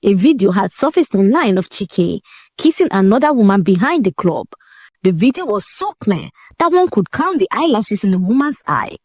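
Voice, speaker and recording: A woman narrating a dramatic folk tale in a vivid, expressive storytelling manner. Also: medium pitch, normal speed, dry recording, studio quality.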